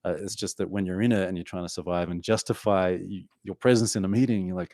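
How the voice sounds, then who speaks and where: A man's voice: low voice, fairly even intonation, quick pace, few pauses, a little mellow, dry recording, clean studio sound. An Australian man in his forties, a podcast guest talking candidly and at length in a casual interview. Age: 40s. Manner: talkative, candid, tells stories with asides.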